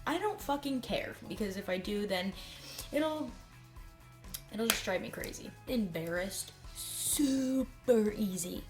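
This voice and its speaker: A young woman vlogging casually about herself, candid and self-deprecating, swearing freely and rambling with quick asides. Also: mid-range voice, lively intonation, over music. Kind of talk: casual talking-head vlog.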